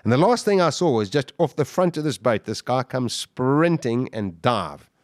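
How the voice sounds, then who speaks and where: A South African man tells his story with real intensity. His everyday voice sits mid-low, but he throws it high and loud whenever he acts out a shout or a quote. The sound is close and dry. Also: normal speed, no echo. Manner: vivid, acts out shouts and quotes, voice jumps high when excited. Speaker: guest.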